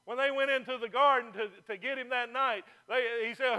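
Man, pastor, sermon, bright ringing voice, folksy. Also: very high voice, steady tone, fairly quick, hardly any pauses, smooth. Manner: folksy, joking, fervent preaching. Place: church.

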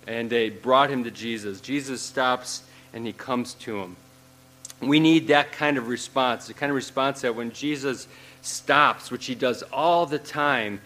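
A man's voice: mid-range voice, fairly bright tone, poor audio. A man preaching a sermon in a conversational way, using many fillers and repeating phrases. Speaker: pastor.

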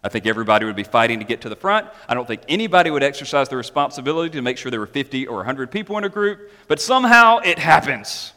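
A man preaching a sermon, animated and emphatic, mixing scripture reading with chatty asides and questions to the congregation. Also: medium pitch. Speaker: pastor. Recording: long hall reverb.

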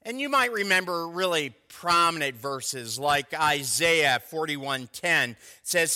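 A man's voice: on the high side, animated, slow, hardly any pauses, sharp tone, in a large hall. An older man, a pastor of over thirty years, preaching a sermon in a conversational, storytelling way with asides to the congregation.

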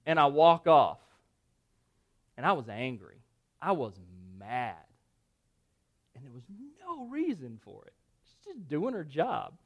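Animated pastor telling a story. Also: male voice, fairly high pitch, slow, pauses often. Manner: animated, acts out dialogue in shifting voices; self-deprecating, conversational asides. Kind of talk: sermon storytelling.

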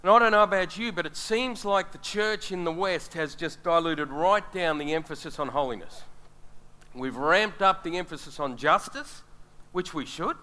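A man's voice: a little high, normal speed, bright, forceful tone. A middle-aged man preaching a sermon, earnest and speaking straight to his congregation. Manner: earnest, addresses the congregation directly.

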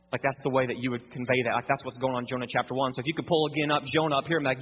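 A man preaching a sermon, acting out dialogue in a lively conversational way with a husky voice. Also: mid-range voice, very fast, few pauses. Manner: animated, acts out dialogue, conversational asides. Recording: long hall reverb.

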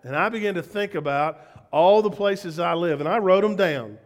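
A pastor with a Southern US accent preaches in a high, light voice, earnest and emphatic. He keeps turning to the congregation with direct questions. His words ring out with a long church-hall reverb. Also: moderate pace. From Southern United States. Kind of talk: conversational sermon.

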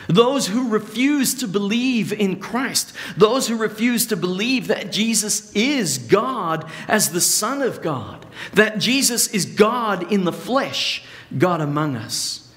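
A middle-aged male pastor preaching in an earnest, conversational way. His voice sits a little high for a man, and he stretches out the important words with long pauses. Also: fairly bright tone. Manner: earnest, pausing for emphasis, slowing on key phrases. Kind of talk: sermon.

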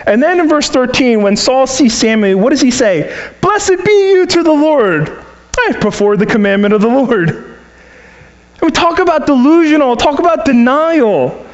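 A man's voice: extremely high pitch, moderate pace, muffled recording. A man preaching a sermon as a pastor, storytelling and acting out the voices he quotes. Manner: animated, acts out quoted voices.

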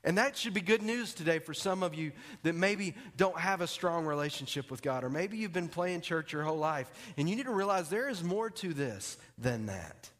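Joking pastor preaching. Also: male voice, fairly high pitch, expressive, moderate pace, hardly any pauses. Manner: conversational and joking, drops to quiet emphasis. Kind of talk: sermon.

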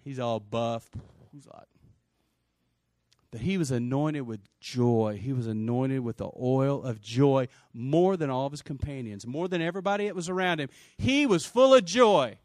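A man preaching a lively, humorous sermon, talking conversationally with his congregation and acting out scenes in put-on voices. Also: medium pitch, moderate pace, hardly any pauses, no echo.

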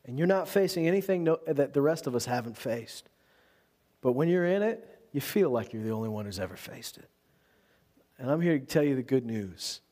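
A man who is a pastor delivering an animated sermon, mixing humor with earnest exhortation. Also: medium pitch, brisk. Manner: animated preaching with humor and acted-out voices.

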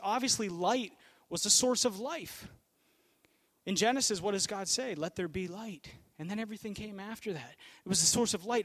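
A young male pastor preaching a sermon with a notably high voice. He tells the story casually, like talking to friends, and swings from raised stretches down to hushed, quiet moments.

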